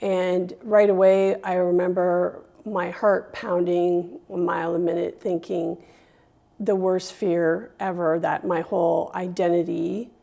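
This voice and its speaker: A woman guest recounting a personal experience in an interview, hesitant and pausing often with fillers. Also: lowish voice, little pitch movement, creaky, mellow. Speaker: guest sharing a scam experience.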